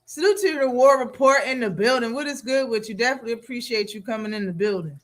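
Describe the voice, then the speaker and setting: A man's voice: extremely high pitch, quick pace. A man hosting a live boxing talk stream, reacting casually with slang and frequent laughter.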